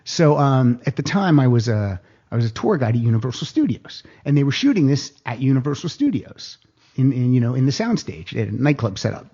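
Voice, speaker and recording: A man telling a casual anecdote on a podcast, animated, jumping higher in pitch when he quotes people. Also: fairly quick, slightly rough, dull audio. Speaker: guest storyteller.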